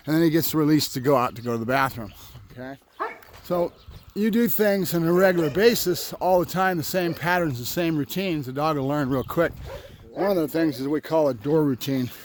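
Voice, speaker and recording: A man's voice: on the high side, normal speed, slight background noise. A man who trains dogs, talking casually while he walks his puppy through a morning routine and gives it short firm commands. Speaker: dog trainer. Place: home and yard, moving between in and out of doors.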